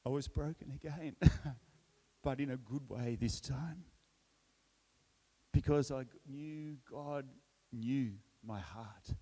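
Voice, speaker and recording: A middle-aged Australian man speaking at church, telling a personal testimony in a relaxed storytelling way, with self-deprecating humor and frequent restarts. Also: medium pitch, takes it slowly.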